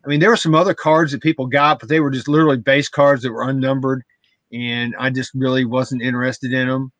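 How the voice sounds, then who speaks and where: A man in casual chat, retelling what happened in an animated way with repeated words. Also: medium pitch, brisk, no room sound, highs cut off. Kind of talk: casual storytelling.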